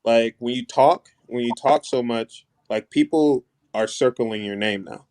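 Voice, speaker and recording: Soft-spoken man, lots of "like". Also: mid-range voice, measured pace, no room sound. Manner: soft-spoken, filler-heavy, says "like" a lot. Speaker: guest, league player. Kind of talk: casual chat.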